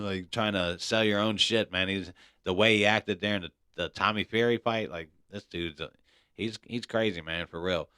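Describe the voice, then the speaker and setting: A man's voice: low-pitched, steady tone, normal speed, pushed and bright, clear, resonant tone, no echo, clean studio sound. A man hosting a casual podcast, talking bluntly, cursing freely and tossing in "man" all the time. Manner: blunt, profane, keeps saying "man". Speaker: podcast host.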